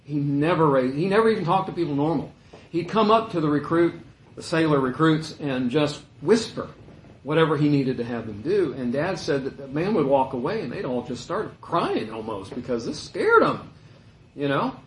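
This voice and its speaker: A man's voice: on the high side, lively intonation, moderate pace, a little hiss or hum. Conversational preacher man in an echoey room. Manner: conversational, anecdotal, shifts between loud and hushed. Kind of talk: sermon.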